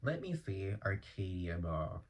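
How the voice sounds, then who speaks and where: A man from Los Angeles hosting a casual solo podcast, talking in a chatty, slangy way that bursts into loud, exasperated outbursts. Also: deep voice, big pitch swings, measured pace, vocal fry. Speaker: podcast host. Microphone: earphone mic.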